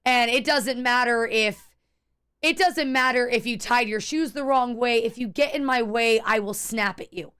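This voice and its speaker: A young adult woman chatting on a game stream, candid and rambling, often restarting her sentences and cursing casually. Her voice sits a bit high and comes across smooth and clear. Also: normal speed, fairly bright tone. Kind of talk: casual chat while gaming.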